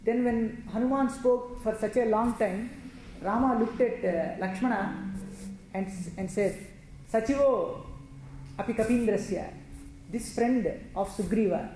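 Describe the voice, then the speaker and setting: Woman doing a devotional story talk, reads verses then explains, mellow voice, super echoey room. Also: a little high, measured pace. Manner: recites Sanskrit verses then explains them, with frequent restarts. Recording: very echoey room with faint noise.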